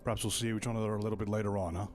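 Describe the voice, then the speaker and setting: A man speaking in character as a sheriff in a western role-play, brisk and businesslike. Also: lowish voice, little pitch movement, darkish tone, slight background noise.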